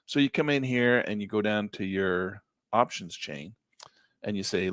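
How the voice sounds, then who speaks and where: A middle-aged man giving a live trading lesson in a folksy, upbeat way, losing his voice and clearing his throat. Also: fairly low pitch, big pitch swings, normal speed, dry recording, studio quality. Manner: folksy, upbeat, talks while clicking through charts. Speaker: trading instructor.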